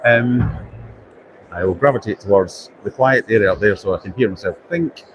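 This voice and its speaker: A livestream host with a lowish voice speaks at a moderate pace as he tours a bustling indoor trade show. He chats casually, thinks out loud and jokes at his own expense, with exhibition hall noise and crowd chatter around him.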